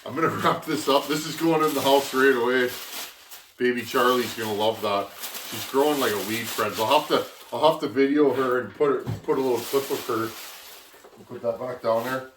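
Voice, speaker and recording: A man's voice: mid-range voice, steady tone, moderate pace, reverberant, far from the mic, noisy background. A Canadian man hosting a chainsaw channel, chatting casually to viewers as friends while he opens packages, with rambling restarts. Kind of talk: casual vlog, opening mail.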